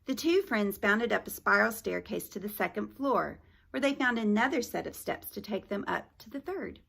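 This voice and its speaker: A woman reading a children's novel aloud as a library storyteller, with animated, chatty asides to young listeners. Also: mid-range voice, normal speed, vocal fry.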